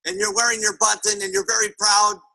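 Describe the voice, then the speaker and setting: Raspy guy doing a pep talk for sellers, high bright voice, lots of okays. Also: level tone, brisk, rough recording. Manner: emphatic storytelling, keeps asking "okay?". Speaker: sales trainer. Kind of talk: motivational sales talk.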